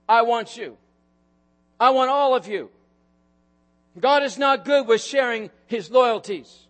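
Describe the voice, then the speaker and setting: A pastor preaching a sermon in a church, emphatic, repeating his phrases and breaking into loud bursts. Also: very high voice. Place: church sanctuary.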